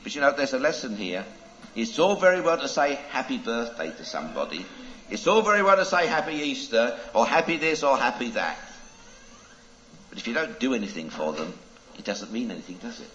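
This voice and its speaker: Animated preacher telling a story. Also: male voice, medium pitch, muffled recording, a little hiss or hum. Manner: animated, dramatic, drawn-out phrases. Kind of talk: children's story with a moral.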